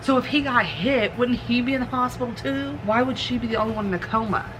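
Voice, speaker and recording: A young woman talking casually about a book she's reading, rambling and excitable, swearing now and then. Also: fairly high pitch, quick pace, noisy background. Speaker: book vlogger. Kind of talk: casual chat. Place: car, for the ending.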